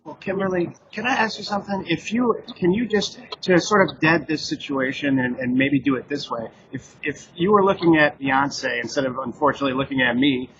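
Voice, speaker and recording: Guy interviewer, kinda high voice, stumbles through his question, muffled with noise behind. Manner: hesitant, halting questions. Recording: dull lo-fi sound with noise.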